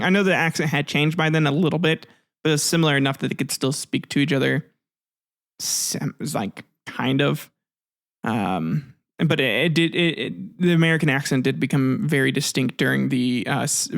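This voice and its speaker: A man's voice: fairly high pitch, creaky. A man narrating history in a casual, offhand way, with jokes, asides and some swearing. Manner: offhand, joking, swears, restarts words. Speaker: history video host.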